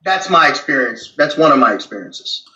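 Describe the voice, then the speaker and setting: A man's voice: medium pitch, animated, a little fast, pushed and bright, reverberant, dull audio. A man who worked as a prison guard, telling stories bluntly and profanely in a candid conversation, with many restarts. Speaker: former prison guard, guest.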